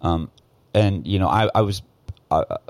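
Guest: very low male voice, dry close sound, swears a lot and stops and restarts as he tells a story. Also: animated, a little mellow, no room sound. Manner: profane, heated, halting with many restarts. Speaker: guest, former news cameraman. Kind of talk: casual podcast storytelling.

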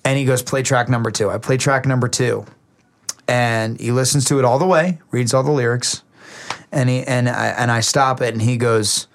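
A young adult man, a musician, telling a long story in casual talk, halting and restarting often. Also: medium pitch, steady tone. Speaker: musician guest.

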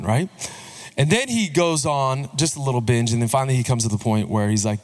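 Male pastor in his thirties, sermon delivery, chatty and humorous, pitch jumping up and down, mid-range voice. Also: brisk. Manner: conversational and joking, with lively swings in pitch.

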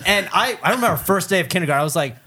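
A man born in the United States chatting excitedly on a podcast and laughing along. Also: sits high, rapid-fire. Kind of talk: casual chat.

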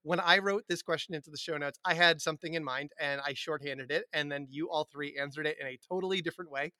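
A man's voice: fairly high pitch, quick pace, pushed and bright, no room sound, clean studio sound. A man hosting a teachers' podcast, chatting casually, joking at his own expense and laughing often. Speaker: podcast host.

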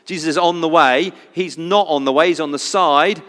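A male preacher with a bright, forceful, fairly high voice. He preaches in an animated way, rising to loud cries and dropping to hushed intensity. The sound carries the long reverb of a church hall. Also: normal speed. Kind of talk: sermon.

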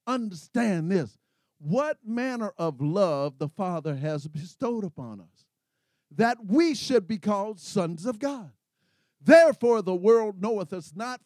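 A man preaching a sermon, calling for responses from the congregation and building to excited shouts. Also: sits high, dry recording, clean studio sound.

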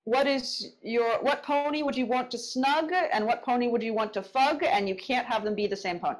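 A woman's voice: on the high side, moderate pace, rough recording. A woman co-hosting a podcast in casual chat, teasing her guest and steering him along. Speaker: podcast co-host.

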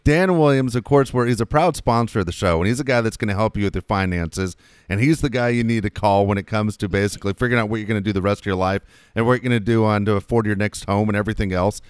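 A man's voice: fairly low pitch, fast, clean tone, no echo, studio quality. A man co-hosting a talk show, hyping sponsors with emphatic, casually profane talk. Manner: hyped and emphatic, swears casually. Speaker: radio show co-host.

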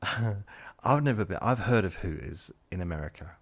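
A man with a very low, gravelly voice rambles through a comic monologue. He drops self-deprecating, deadpan asides as he goes. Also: normal speed. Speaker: comedian and podcast host.

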